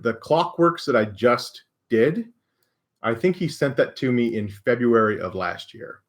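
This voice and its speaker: An American man at a mid-range pitch, hosting a casual live stream Q&A. He talks in a loose, chatty way and laughs often at his own stories. His humor is self-deprecating. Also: expressive, unhurried. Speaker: maker and live stream host.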